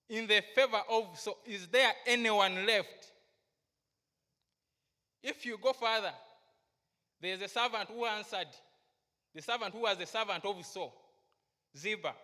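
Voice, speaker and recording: Slow, bright-voiced woman preaching. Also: medium pitch, big-room sound. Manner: slow, emphatic, asks the congregation questions. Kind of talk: sermon. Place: church hall.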